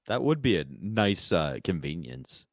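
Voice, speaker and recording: A comedian co-hosting a podcast in a very deep voice, rambling through a story with deadpan jokes. The sound is close and dry, with no room around it. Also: male voice, unhurried, vocal fry, dry recording. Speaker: stand-up comedian, podcast co-host. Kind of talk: casual comedy podcast banter.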